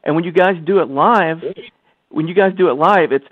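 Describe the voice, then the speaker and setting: A man's voice: on the high side, normal speed, no echo. A man hosting a radio interview, enthusiastic and laughing easily in casual chat. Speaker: radio show host. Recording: tinny phone line.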